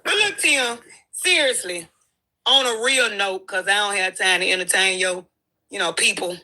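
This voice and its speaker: A woman's voice: mid-range voice, normal speed, sharp tone. A woman talking as a guest in a livestream chat, brash and sassy, trading insults. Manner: sassy, brash trash talk.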